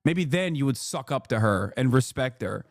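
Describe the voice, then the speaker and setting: A man's voice: mid-range voice, animated, normal speed, dry recording, clean studio sound. A man streaming a reaction video, ranting in a heated and profane way and firing off indignant rhetorical questions. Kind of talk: casual live-stream commentary.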